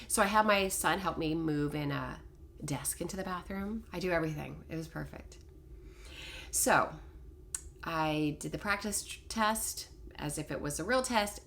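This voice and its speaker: A middle-aged woman telling a personal story to camera in a casual, animated, self-deprecating way. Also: lowish voice, slight background noise. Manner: animated, self-deprecating, quotes others in dialogue. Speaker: vlogger telling a life story.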